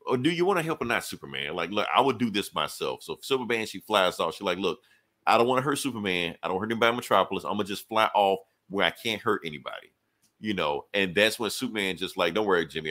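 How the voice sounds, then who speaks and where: A young man co-hosts a podcast and breezes through a comic plot, dropping into quick quoted dialogue for each character. His voice sits a little low but sounds bright and forceful. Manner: animated storytelling, casual profanity, quick quoted dialogue. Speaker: podcast co-host reviewing comics. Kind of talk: casual chat, retelling a comic plot.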